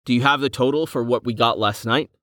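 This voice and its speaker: A man's voice: mid-range voice, quick pace, fairly bright tone, no echo, clean studio sound, lightly acted. A man narrating an audiobook voices a tired, practical young man who leads a company, speaking in a weary, wry way.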